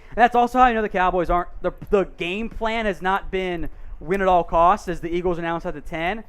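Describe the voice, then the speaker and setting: A man hosting a live sports watch-along, calling plays with excited bursts between chatty asides. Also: sits high, brisk, clear, resonant tone. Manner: excited play-by-play calls mixed with chatty asides. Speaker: host.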